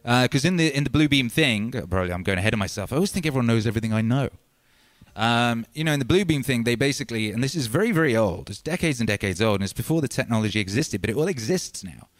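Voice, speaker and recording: A man hosting a casual livestream, talking animatedly and swinging from loud shouts to low mutters. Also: expressive, quick pace, no room sound, faint music behind. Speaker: livestream host and musician.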